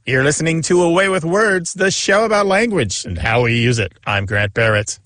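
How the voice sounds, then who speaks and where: A man's voice: a little high, expressive, a bit bright, dry recording. A man hosting a radio show about language, friendly and joking, asking callers clarifying questions. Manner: friendly, quick to joke, asks clarifying questions. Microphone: studio microphone.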